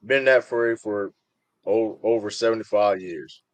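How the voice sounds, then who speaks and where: A man's voice: on the low side, a little slow, no room sound. A man hosting a heated sports debate podcast, cutting in and repeating himself to get the floor. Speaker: podcast host.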